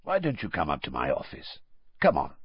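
A man voicing a gruff old professor who speaks in a low, gentle growl, in an audiobook reading. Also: huge pitch swings, fairly quick, no echo, dull audio, heavily acted. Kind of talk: audiobook character voice.

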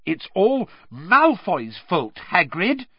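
A man's voice: sits high, huge pitch swings, slow pace, slightly rough, dry recording, pitched above the performer's own voice, exaggerated voice. A man voicing an earnest, anxious clever schoolgirl in a raised, careful voice. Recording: dry, slightly dull audio.

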